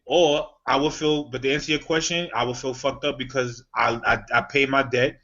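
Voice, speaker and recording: A man's voice: medium pitch, a little fast, few pauses, bright, forceful tone, muffled recording. A man co-hosting a podcast, talking about sports in a blunt, reflective way with bursts of joking. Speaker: podcast co-host. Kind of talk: casual sports chat.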